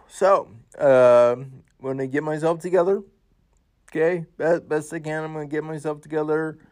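A man hosting his show, giving an emotional personal tribute, halting with many fillers and restarts, his voice rising as he gets choked up. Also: a little high, steady tone, a little mellow. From United States. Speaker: show host.

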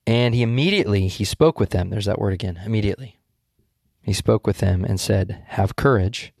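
A man's voice: on the low side, a little fast, gravelly, darkish tone, dry recording, clean studio sound. A man co-hosting a casual Bible study discussion, explaining passages in a thoughtful, searching way with frequent restarts.

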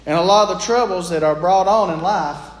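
A man's voice: sits high, a little fast. A man preaching a sermon in an earnest, plain-spoken, folksy way. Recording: echoey room.

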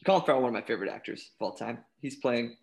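A man chatting casually on a podcast, animated, often restarting his sentences and laughing. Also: mid-range voice, very fast, gravelly. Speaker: panelist.

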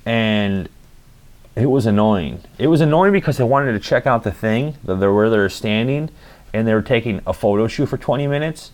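A man's voice: on the low side, expressive, normal speed, darkish tone. Rambling, profane young man. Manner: rambling, profane, full of fillers. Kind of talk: casual storytelling monologue.

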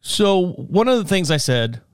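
A man's voice: high-pitched, very animated, measured pace, clear, resonant tone, no echo, studio quality. A middle-aged man hosting a podcast in a casual, rambling monologue, self-mocking, swearing and laughing often. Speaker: podcast host. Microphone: podcast mic, also filmed.

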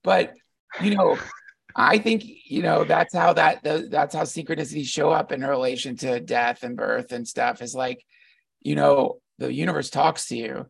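Gravelly, reflective man telling a story. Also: a little high, normal speed, no echo, clean studio sound, distant mic. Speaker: podcast guest. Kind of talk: casual conversation.

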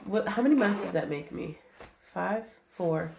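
A pregnant woman in her thirties co-hosting a casual chat, animated and quick to laugh, with an occasional cough. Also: medium pitch, creaky. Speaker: podcast co-host. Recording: roomy, faint background noise.

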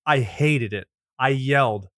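Into a studio mic fitted with a pop filter, a man co-hosting a movie podcast chats casually through a film recap, teasing sarcastically and swearing a lot. His mid-range voice is a bit bright and unhurried, with no echo.

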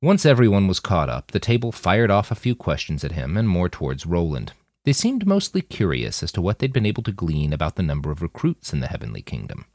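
A man narrating an audiobook in an even storytelling manner. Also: brisk, few pauses, no echo, studio quality. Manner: deep, even storytelling with wide pitch swings.

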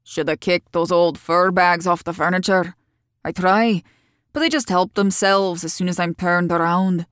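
Woman doing a terse, gentle-but-clipped local man in a storybook; low, dry, short phrases. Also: steady tone, moderate pace, clean tone, no echo, natural voice. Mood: gruff. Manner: terse, clipped dialect speech.

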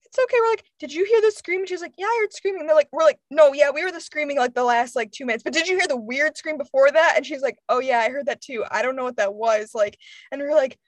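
A woman in her twenties telling a story in casual chat, animated and acting out the voices of friends, laughing often. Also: high-pitched, fast talker, dry recording. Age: 20s.

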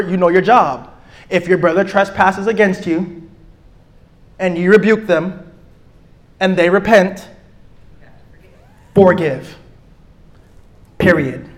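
Emphatic high-voiced preacher man. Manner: emphatic, preachy, drawn-out repeated phrases. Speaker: pastor teaching a relationship class. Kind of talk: sermon-style teaching.

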